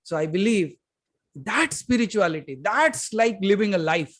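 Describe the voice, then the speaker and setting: Speaking to a live satsang audience, this Indian English-accented spiritual teacher has a high-sitting, very animated voice at a moderate pace. He swings between loud and hushed with emphasis and addresses listeners directly with questions.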